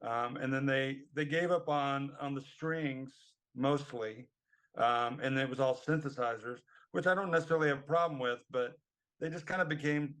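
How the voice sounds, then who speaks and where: A man's voice: mid-range voice, fairly even intonation, normal speed, a bit bright, clear, resonant tone. A middle-aged man co-hosting a casual music podcast, talking in a rambling, hesitant way with many ums. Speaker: podcast co-host. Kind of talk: casual chat.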